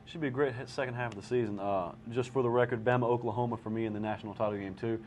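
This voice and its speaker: Young male talk-show host, rapid banter, dry teasing humor, mid-pitched voice. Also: slight background noise. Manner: joking, brisk, deadpan teasing. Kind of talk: casual talk show hosting.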